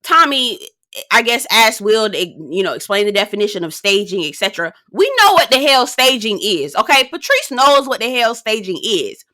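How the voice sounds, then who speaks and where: A woman's voice: a little high, moderate pace, dry recording, clean studio sound. A woman casually recapping a reality dating show, sassy and blunt, swearing freely and acting out what the cast said. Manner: acts out cast quotes in a lively storytelling tone.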